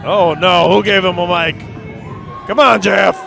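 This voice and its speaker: A man's voice: high voice, unhurried, gravelly, shouting, crowd noise. Male color commentator, hype delivery, dry quips, light music under. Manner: excited, hyping, wry asides. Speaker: wrestling commentator.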